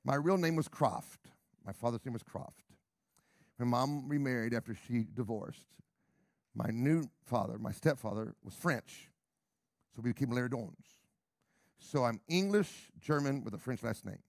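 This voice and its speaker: A middle-aged man preaching a sermon with emphatic repeated questions, dropping to whispers and rising to loud calls. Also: mid-range voice, animated, measured pace, vocal fry, no room sound, studio quality.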